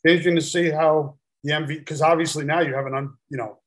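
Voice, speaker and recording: A man's voice: fairly high pitch, fairly even intonation, fast. A man co-hosting a sports talk show, chatting casually and hedging his opinions.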